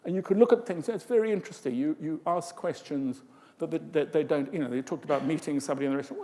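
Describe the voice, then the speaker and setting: Older man, conference speaker, slightly high voice, long hall reverb, animated lecturing. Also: fast talker. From England. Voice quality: expressive, lively delivery with vocal demonstrations and asides. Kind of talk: lecture to a live audience.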